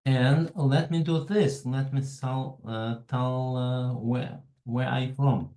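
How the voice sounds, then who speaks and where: A man with a Russian accent hosts a webinar over a computer mic. He talks slowly and haltingly, with a mellow, relaxed tone, in an echoey room. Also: medium pitch. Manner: slow, halting, greets attendees by name. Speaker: webinar host. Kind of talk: casual online presentation.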